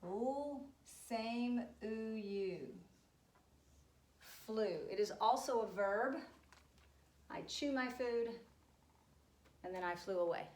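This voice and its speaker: A woman teaching children a spelling lesson, cheerful and encouraging, spelling words out slowly. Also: fairly high pitch, a little mellow, reverberant.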